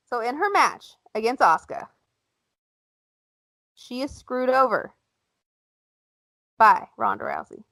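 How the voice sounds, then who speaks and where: A woman's voice: fairly high pitch, big pitch swings, slow pace, vocal fry, long pauses, fairly bright tone, no room sound, rough recording. A woman co-hosting a podcast, talking bluntly and casually with strong opinions. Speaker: podcast co-host. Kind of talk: casual chat.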